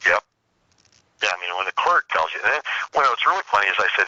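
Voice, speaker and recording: A man's voice: on the low side, very animated, quick pace, long pauses, bright, forceful tone, no echo, lo-fi sound. A man telling a story as an interview guest, blunt, profane and combative. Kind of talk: casual storytelling.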